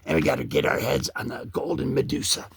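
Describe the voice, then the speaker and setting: A man hosting a comic book video, rambling excitedly over the pages and slipping into goofy character voices. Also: mid-range voice, fast talker, creaky, slightly rough, no echo, clean studio sound. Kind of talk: excited comic page commentary.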